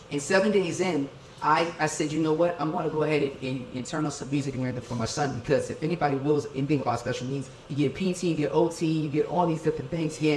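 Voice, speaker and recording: Energetic high-voiced man leading a keynote. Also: a little hiss or hum. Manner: energetic, leads crowd through dance counts, keeps asking "okay?". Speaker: keynote speaker. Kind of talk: motivational keynote with call-and-response. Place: event hall with tables and chairs. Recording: echoey hall, voice from a distance.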